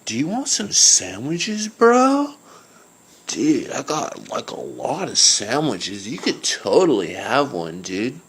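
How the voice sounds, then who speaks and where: A man's voice: medium pitch, wildly swooping pitch, slow pace, fairly bright tone, husky, full character voice. A man voicing a dopey surfer-dude young man in a homemade cartoon, calling everyone dude and bro in slangy talk.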